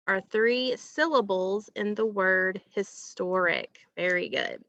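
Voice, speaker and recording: A woman teacher giving a recorded phonics lesson to children, asking questions and pausing patiently for answers. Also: mid-range voice, bright, forceful tone, dry recording, dull audio. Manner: slow, patient, asks questions and pauses for answers.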